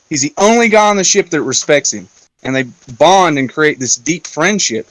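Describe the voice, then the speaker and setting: Man with a fairly high, dry voice. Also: moderate pace, dry recording. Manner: animated storyteller, acts out quotes. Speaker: podcast host. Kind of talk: casual round-table chat.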